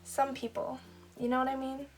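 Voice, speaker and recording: A woman's voice: high voice, flat delivery, normal speed, soft background music. A young woman vlogging a casual storytime while doing her makeup, chatty and full of filler words. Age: young adult. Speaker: beauty vlogger.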